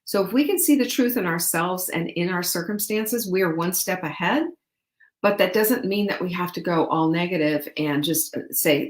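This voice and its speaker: A woman hosts a live-stream show from a noticeably echoey room. Her voice sits a little low for a woman. She speaks earnestly and with emphasis, greets viewers by name, and often restarts her sentences with small laughs. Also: normal speed. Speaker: show host.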